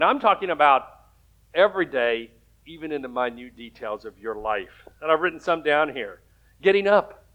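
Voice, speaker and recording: A man's voice: a little high, animated, normal speed, fairly bright tone. A man preaching a sermon as pastor, telling stories in a conversational way and rising to emphatic points.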